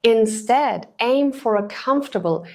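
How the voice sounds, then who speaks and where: A woman tutor narrating a scripted test-prep lesson in an even, instructional way. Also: on the high side, unhurried. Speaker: TOEFL tutor.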